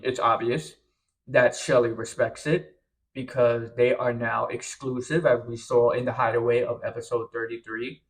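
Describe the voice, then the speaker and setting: A man's voice: medium pitch, vocal fry. A young man casually recapping a reality show episode, chatty and tired, sometimes acting out quotes. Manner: chatty, animated, acts out quotes.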